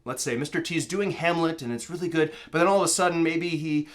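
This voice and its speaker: A language teacher from Minnesota speaks fast in a slightly high voice. This American man rambles casually through his lesson, chatting with plenty of fillers and side tangents.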